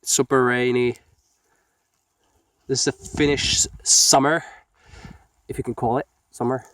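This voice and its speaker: Caught in the rain at a lake, a sniffly man getting sick talks to his dog for a phone-recorded vlog, cursing as he alternately scolds and coaxes it. The recording is dry, and his medium-pitched voice is level, slightly slow, and a bit bright.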